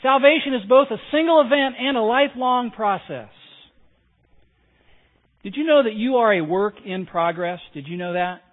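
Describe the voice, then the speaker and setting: A man's voice: very high voice, lively intonation, normal speed. A male pastor preaching a sermon, emphatic, repeating key phrases and asking the congregation to respond. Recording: tinny phone-like sound.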